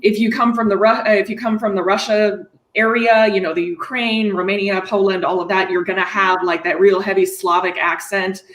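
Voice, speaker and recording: A woman's voice: mid-range voice, steady tone, a little fast, a bit bright. Chatty Midwestern woman in a roomy space. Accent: Midwestern American. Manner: rambling, lots of fillers and restarts. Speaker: convention panelist. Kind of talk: casual panel chat on a video call. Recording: roomy echo.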